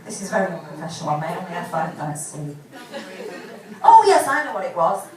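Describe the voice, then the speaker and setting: An English woman in her forties performs a chatty, self-deprecating stand-up set at a pub gig, swearing freely. Her lowish voice is sing-song and brisk. The live recording sounds roomy and distant, with a crowd and background noise.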